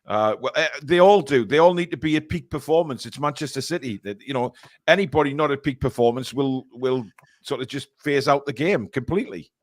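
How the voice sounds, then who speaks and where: A man's voice: mid-range voice, fairly quick, dry recording, clean studio sound. A man hosts a casual football fan podcast, giving blunt opinions and reading out viewer predictions. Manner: blunt, opinionated, reads viewer messages aloud. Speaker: podcast host.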